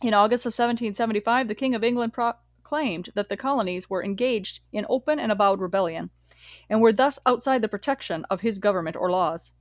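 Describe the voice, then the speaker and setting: A woman reading a nonfiction history book aloud in a measured, steady way, sometimes correcting herself. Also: medium pitch, dry recording. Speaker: audiobook reader.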